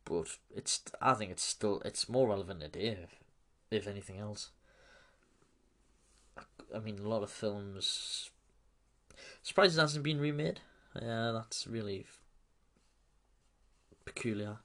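A man's voice: lowish voice, fairly even intonation, a little slow, long pauses, a bit bright. A man giving a loose, chatty film recap, laughing and swearing as he goes. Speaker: film reviewer.

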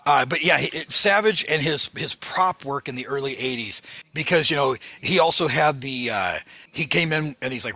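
A man's voice: fairly high pitch, fairly quick, bright, forceful tone, dry recording. A man hosting a casual podcast, telling stories with a laugh and acting out the quotes he recalls. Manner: storytelling, laughs often, acts out quotes.

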